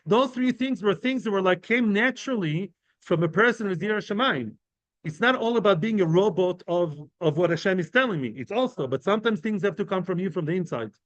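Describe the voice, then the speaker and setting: A man's voice: sits high, expressive, brisk, fairly bright tone, no room sound, muffled recording. A man giving an informal Talmud lesson to a class of men, explaining each term with everyday examples and often checking in with "right?" and "yeah?". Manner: conversational, often asks the listeners "right?" and "yeah?". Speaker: Talmud teacher.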